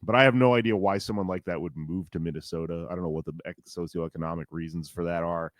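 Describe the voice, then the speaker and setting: A man in his forties co-hosting a podcast, chatting casually in a rambling, animated and profane way. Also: deep voice, fast talker, no room sound, clean studio sound. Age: 40s. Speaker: podcast co-host.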